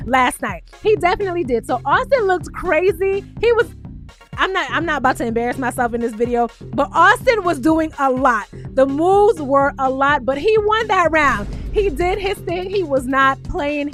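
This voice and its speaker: A woman recapping a reality show in casual, animated commentary, full of laughter and sassy asides. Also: sits high.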